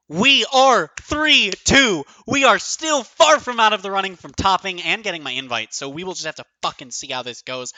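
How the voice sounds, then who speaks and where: A man streaming his own online card game tournament, thinking aloud, counting out numbers and swearing often, his voice going a bit hoarse. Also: high-pitched, lively intonation, moderate pace, pushed and bright. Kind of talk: excited live commentary of own play.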